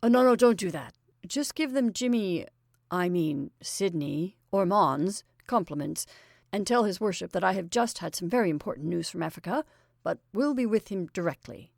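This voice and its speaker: A woman's voice: fairly low pitch, moderate pace, creaky, dry recording, clean studio sound. A woman doing a gleeful old stage actor. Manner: exuberant, rambling, confiding. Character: jolly middle-aged male stage actor, gleeful and chatty.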